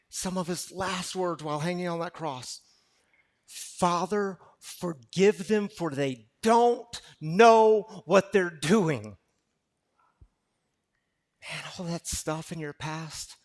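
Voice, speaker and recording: Speaking to people in recovery, this high-voiced male pastor delivers a passionate sermon full of repetition, his volume rising loud and dropping to a hush.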